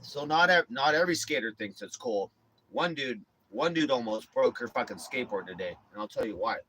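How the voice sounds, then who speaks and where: A man's voice: mid-range voice, lively intonation, fairly quick, bright, forceful tone, slight background noise. A man chatting casually to his viewers, telling rambling, profane stories full of slang. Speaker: streamer.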